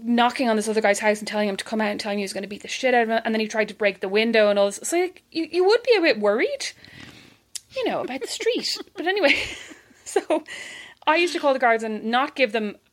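A young Irish woman chatting casually, telling animated stories and mimicking other people's voices. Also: fairly high pitch, fast. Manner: animated anecdotes, mimics voices, laughs often. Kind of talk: casual chat, storytelling.

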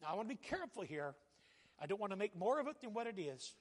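A man preaching a sermon as pastor, with loud swells on scripture and quieter conversational asides. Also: sits high, very animated, fast. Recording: long reverb of a church hall.

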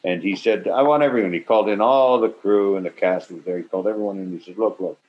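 Older man telling a story, low voice. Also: quick pace, noisy background. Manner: acts out quotes with swearing and sudden loud bursts. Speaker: actor interview guest. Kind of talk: animated anecdote storytelling. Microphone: video call. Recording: slightly muffled video-call audio.

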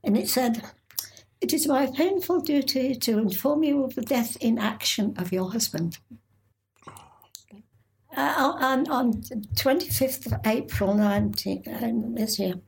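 An older woman recounts her memories in a halting, stop-start way, often breaking off and starting again. Her voice sits a little high for a woman and has a gravelly, creaky edge. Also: slight background noise. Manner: halting, with many restarts and pauses. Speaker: interviewee. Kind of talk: oral history recollection.

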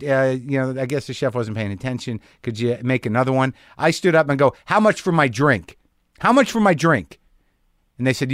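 A middle-aged man riffs in a wry, self-mocking rant, his voice sitting a touch high for a man. He talks straight into the mic in a dry garage with no echo. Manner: wry, self-deprecating ranting. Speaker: podcast host. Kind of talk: casual comic monologue. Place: home garage.

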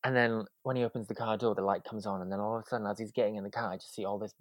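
A man's voice: on the low side, fairly even intonation, racing, no room sound. A young man, a podcast guest, telling a story animatedly and acting out the quotes with drama. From Wales. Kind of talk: casual storytelling.

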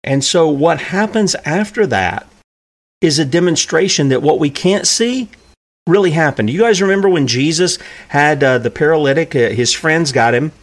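A man's voice: a little high, animated, moderate pace. A man preaching a sermon who asks his listeners rhetorical questions and acts out the characters in the stories he tells.

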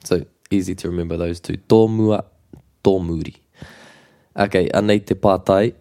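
A man with a New Zealand accent teaching a relaxed language lesson, patiently repeating example phrases slowly. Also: low voice. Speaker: te reo Māori teacher.

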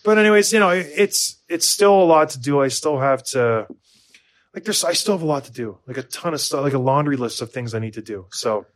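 A man's voice: a little high, animated, a little fast. A man in his thirties from the United States, co-hosting a podcast in casual chat, rambling and self-deprecating with many restarts. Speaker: podcast co-host.

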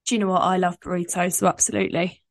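A woman's voice: lowish voice, level tone, rapid-fire, creaky. A young woman co-hosting a podcast, chatting casually in a bubbly way and laughing often. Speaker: podcast co-host. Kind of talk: casual chat.

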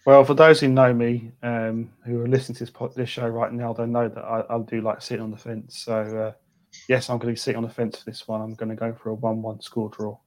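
A man appears as a guest on a football podcast and talks hesitantly, full of ums and false starts. His delivery stays flat and monotone. His pitch sits in the middle. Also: fairly quick. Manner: hesitant, many ums, restarts. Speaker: guest, fan channel presenter. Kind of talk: casual podcast interview.

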